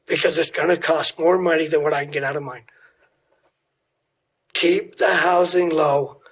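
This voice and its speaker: A hoarse middle-aged man giving blunt, pointed public comment at a city meeting, asking pointed questions into a podium microphone. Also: on the high side. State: hoarse, losing his voice.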